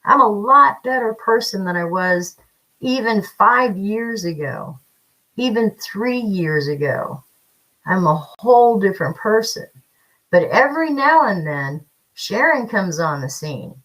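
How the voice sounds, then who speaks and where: A woman's voice: mid-range voice, lively intonation, measured pace, fairly bright tone, rough recording. Woman livestream host, blunt, chatty, feisty. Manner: chatty, reads viewer comments, feisty and blunt. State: slight cough from paint fumes. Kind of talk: casual livestream chat.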